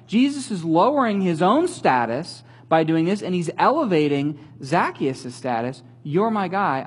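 A man giving a sermon as a pastor, telling the story in a conversational, animated way with light humor. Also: on the high side, breathy edge.

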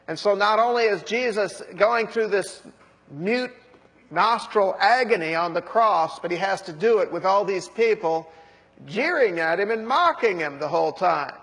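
A man preaching a sermon, who breaks into high, jeering voices when acting out mockers. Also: lively intonation, normal speed, a bit bright, slightly rough, long reverb tail.

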